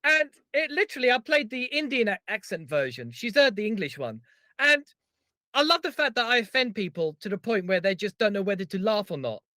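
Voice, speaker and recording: A man co-hosting a podcast, telling stories in a lively, teasing way. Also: high voice, fairly quick, no echo. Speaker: podcast co-host. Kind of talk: casual podcast chat.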